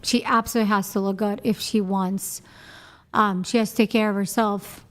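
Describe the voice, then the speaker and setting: A woman's voice: medium pitch, steady tone, moderate pace. A woman guest on a dating panel, stating her views assertively. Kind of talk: casual chat.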